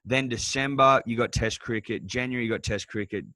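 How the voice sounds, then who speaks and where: A man's voice: mid-range voice, fairly quick, sharp tone. A man with an Australian accent co-hosting a sports podcast, emphatic and profane in casual chat. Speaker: podcast co-host.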